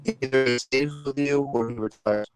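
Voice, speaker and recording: A man's voice: mid-range voice, steady tone, normal speed, soft background music. A man chatting casually as a guest, laid-back and teasing. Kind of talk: casual chat.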